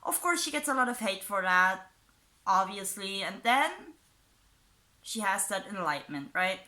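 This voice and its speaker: A woman's voice: mid-range voice, expressive, normal speed, sharp tone. A woman giving casual, sarcastic commentary, reading out posts and mocking them, and mentioning her own unusual accent. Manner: sarcastic, mocking, chuckles between points; self-described unusual accent. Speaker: commentary YouTuber.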